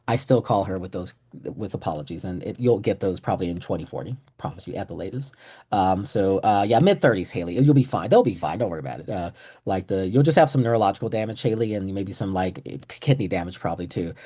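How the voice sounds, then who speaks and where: A man's voice: medium pitch, warm tone. A middle-aged man from Texas giving a casual, joking webinar training on a video call, with self-deprecating humor. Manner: joking, self-deprecating, acts out quoted voices. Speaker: trainer presenting to clinicians.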